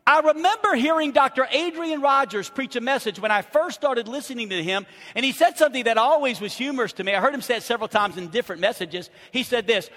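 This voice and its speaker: A middle-aged man preaching a sermon as pastor, swinging from soft confiding asides to loud shouted peaks. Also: extremely high pitch, quick pace, few pauses. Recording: reverberant hall.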